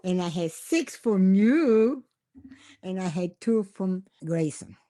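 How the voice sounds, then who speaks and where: A woman's voice: mid-range voice, lively intonation, slow, warm tone. An older woman from Mexico with a Mexican accent and Spanish as her first language, telling stories in simple English on a casual podcast and laughing often. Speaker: guest.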